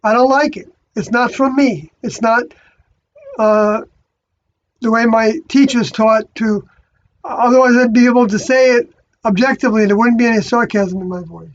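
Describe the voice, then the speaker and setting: A speaker giving a rambling spiritual monologue, halting and often stopping to correct themself. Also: medium pitch. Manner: halting, many fillers and restarts, self-correcting. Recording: dull lo-fi recording.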